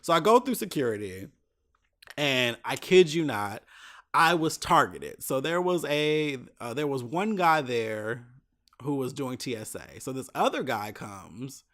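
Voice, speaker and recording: A man's voice: medium pitch, expressive, unhurried, a bit bright. A man in a mid-range voice tells a travel story on his solo podcast. He is loose and candid, with plenty of cursing and exasperated asides. His delivery is casual rather than polished. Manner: profane, exasperated anecdote telling with many asides. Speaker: podcast host.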